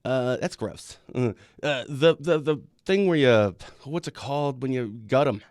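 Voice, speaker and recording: A man's voice: mid-range voice, measured pace, darkish tone, dry recording, studio quality. A young man from the Midwest hosting a casual live-stream interview, joking and asking rambling questions with many restarts. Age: young adult. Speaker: host.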